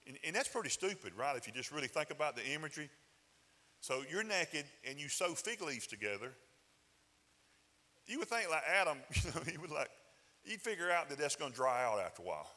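A man preaches in a loose, folksy way, pushing up into emphatic bursts. His voice is bright and forceful. A long hall reverb trails each phrase. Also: on the high side, big pitch swings, brisk. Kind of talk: sermon.

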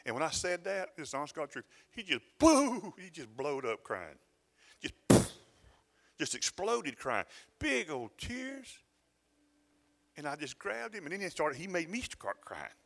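An older man, preaching a sermon as a pastor in a conversational, storytelling way, often halting and restarting his sentences. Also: on the high side, sing-song, creaky, pushed and bright. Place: church sanctuary. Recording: reverberant church hall.

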